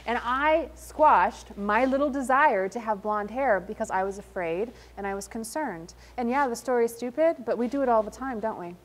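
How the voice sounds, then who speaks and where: A woman with a slightly high voice gives a motivational talk to a live audience. She tells her stories with lively energy, plays out the dialogue herself, and calls her listeners "friends" as she speaks to them directly. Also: a little fast, few pauses. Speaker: invited speaker at an entrepreneurship event. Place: event hall in front of an audience.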